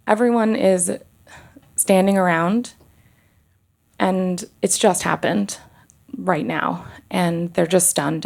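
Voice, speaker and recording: Halting woman with a gravelly low voice. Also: a little mellow. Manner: earnest, halting, with pauses and restarts. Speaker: OB-GYN telling a personal story. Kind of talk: live personal storytelling.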